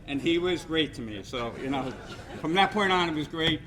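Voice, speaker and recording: A man's voice: fairly high pitch, lively intonation, normal speed, a bit bright. A man gives a rambling, joking hall of fame speech full of anecdotes. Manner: rambling storyteller, self-deprecating jokes. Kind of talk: after-dinner speech with anecdotes.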